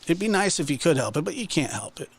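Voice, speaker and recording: A man's voice: a little high, sing-song, fast talker, husky. A man hosting his own channel, ranting casually in a mocking, exasperated way with many restarts. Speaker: channel host. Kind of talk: casual livestream rant.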